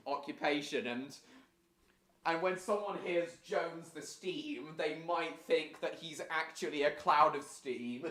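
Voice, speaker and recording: A man's voice: a little high, bright, forceful tone, reverberant. A man hosting a live stream, chatting casually over a show, rambling with many fillers and restarts.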